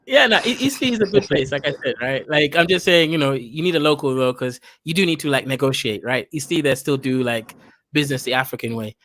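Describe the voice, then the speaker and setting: A man's voice: fairly high pitch, fast, a bit bright. A man from Kenya hosting a casual chat, giving advice and often saying "right?". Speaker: host.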